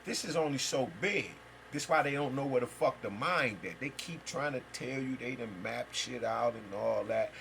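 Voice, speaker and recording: A man's voice: medium pitch, moderate pace, creaky, hardly any pauses, a bit bright, slight background noise, poor audio. A man giving a free-flowing spiritual talk as a teacher, rambling and emphatic, with heavy slang and profanity.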